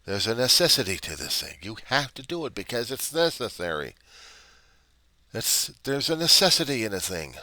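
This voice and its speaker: A man's voice: medium pitch, sing-song, moderate pace, pushed and bright, dry recording. A man talking in a personal video diary, brooding and repeating himself, often dropping to a mutter or a whisper. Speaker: vlogger.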